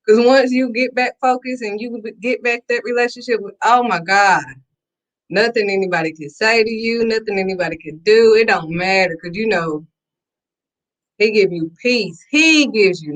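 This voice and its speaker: A bright, clear-toned woman speaking in an emphatic, preachy talk to camera. She is sassy and direct, and repeats her lines for effect. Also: medium pitch. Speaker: faith vlogger.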